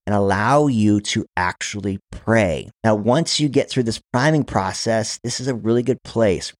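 A man hosting a podcast, coaching listeners through counted breathing and prayer in a steady, guiding way. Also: on the low side, no room sound, studio quality. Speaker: podcast host.

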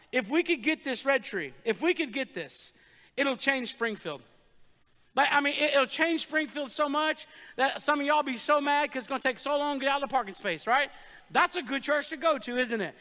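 Male pastor, chatty joking sermon style, high voice, long hall reverb. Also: bright, forceful tone. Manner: joking, conversational preaching with quick asides to the crowd. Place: church sanctuary.

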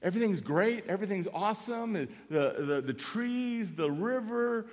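A man's voice: sits high, moderate pace. Pastor guy preaching, emphatic, lots of repeats, long echo like a big church hall. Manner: animated, emphatic, repeats phrases for effect. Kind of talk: sermon. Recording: long reverb of a large hall.

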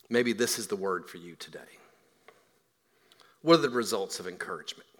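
Preaching man with a lively, bright voice in a reverberant hall. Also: mid-range voice. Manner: dynamic preaching, swinging from hushed to loud and emphatic. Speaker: pastor. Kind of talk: sermon.

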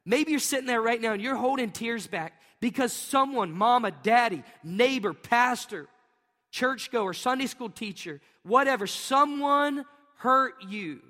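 A middle-aged pastor preaching a sermon, animated and storytelling, often laughing and acting out voices. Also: male voice, very high voice, measured pace. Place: large church hall. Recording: long hall reverb.

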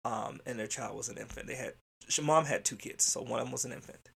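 A man who directs childcare centers, telling a workplace story in a candid, animated way, swearing freely and laughing. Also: mid-range voice, quick pace, creaky, slightly rough. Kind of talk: casual storytelling monologue.

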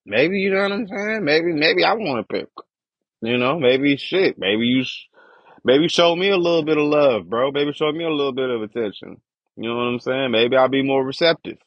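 A man's voice: mid-range voice, no echo. A young man ranting with frustration and heavy profanity in a casual podcast monologue about his family. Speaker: podcast host. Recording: dull lo-fi dry recording.

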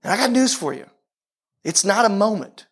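Male pastor, higher voice, conversational sermon delivery with restarts and rhetorical questions. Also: expressive, normal speed, husky.

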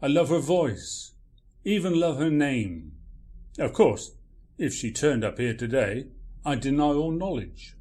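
An actor playing a grumpy, irritable writer with a curt, dry way of talking. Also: male voice, mid-range voice, very animated, measured pace, a little mellow. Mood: wry. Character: grumpy, irritable male writer named Kilter.

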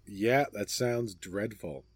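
A man's voice: lowish voice, slow, husky, no room sound. Rambling middle-aged man, dry sound. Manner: rambling, joking, trails off. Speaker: podcast co-host. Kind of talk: casual chat. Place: outdoors at a backyard gathering.

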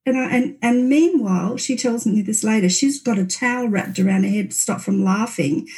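A middle-aged woman telling a personal story in casual chat, animated and laughing, her voice climbing high as she relives a fright. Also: normal speed.

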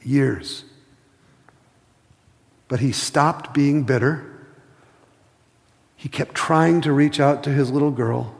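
Gravelly man preaching in an echoing hall. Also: medium pitch. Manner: impassioned storytelling, slows to a hush for emphasis. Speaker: pastor. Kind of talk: sermon.

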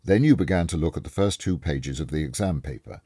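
A man reading a story aloud, voicing a calm, clever male detective who explains things step by step and is kindly but firm. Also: extremely low pitch, a little fast, breathy edge, dry recording, studio quality, heavily acted. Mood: explaining. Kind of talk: audiobook reading.

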